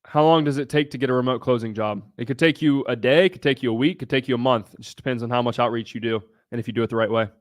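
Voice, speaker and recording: A man hosting a casual livestream Q&A, talking bluntly with frequent swearing and bursts of excitement. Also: medium pitch, racing, few pauses. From United States (Ohio). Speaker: livestream host.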